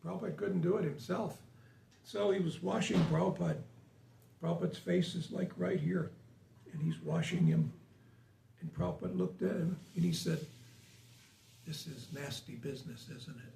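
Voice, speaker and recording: Fairly even in intonation and moderately paced, a man's high-pitched, dark-toned voice with vocal fry carries an informal spiritual talk where he chats with a small live audience and asks questions. Faint hiss and a roomy, distant-mic sound mark the recording.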